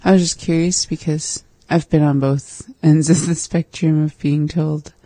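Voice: mid-range voice, fairly even intonation, measured pace, dark tone, no echo. A learner in a casual language lesson who repeats new words back and asks how to say things.

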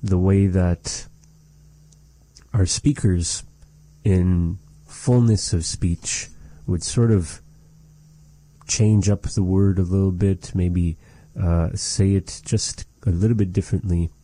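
Slow, deep-voiced male language teacher. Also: steady tone, warm tone, no room sound. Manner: measured, repeats phrases slowly to model them. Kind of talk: language lesson.

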